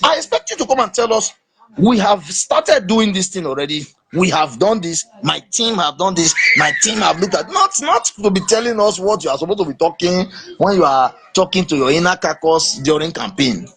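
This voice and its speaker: Nigerian guy ranting about politics, high voice all over the place, faint hiss behind. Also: moderate pace. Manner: emphatic, animated, slips into Pidgin. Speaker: podcast host. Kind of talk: casual political chat.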